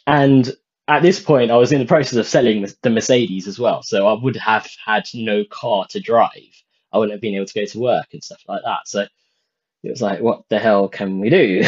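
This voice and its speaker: A man casually telling a personal story, animated and swearing when he gets worked up. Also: fairly low pitch, moderate pace, breathy edge. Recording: dull lo-fi sound.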